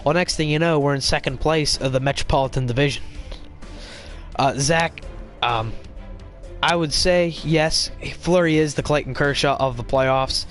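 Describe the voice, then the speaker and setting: A young man hosting a casual hockey live stream, chatting to viewers in a quick, rambling way while playing a video game. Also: a little high, a bit bright, faint music behind. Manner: rambling, quick, with fillers and restarts. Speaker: podcast host live streaming.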